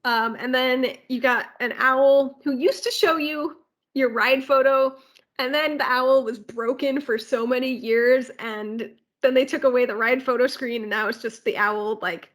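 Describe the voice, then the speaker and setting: Podcast co-host, woman; bright, slightly high voice; rambling, filler-heavy walkthrough. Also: fairly even intonation, unhurried. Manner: rambling ride walkthrough with filler words and asides. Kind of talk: casual podcast chat.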